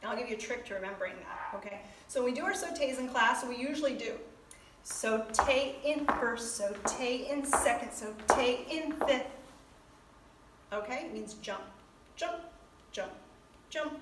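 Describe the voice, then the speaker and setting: A woman teaching ballet terms, talking slowly, repeating each term while she demonstrates in a dance studio. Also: high-pitched, background noise. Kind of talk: ballet lesson. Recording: echoey room from a distance.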